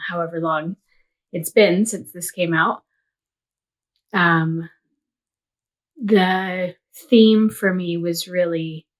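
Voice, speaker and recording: A woman in her thirties talks slowly and thoughtfully about her reading and crafts, filling gaps with soft ums and small laughs. She sometimes grows emotional and near tears, yet keeps a gentle, casual tone. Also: on the low side. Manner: unhurried, reflective, with many ums and soft laughs. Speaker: vlogger, homeschool mom.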